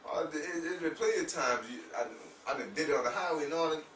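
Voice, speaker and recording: A man talking casually about faith in an animated, profane way, often saying "you know what I'm saying". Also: on the high side, fast. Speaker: religious discussion host. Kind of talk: casual spiritual talk. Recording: roomy echo, far from mic, faint noise.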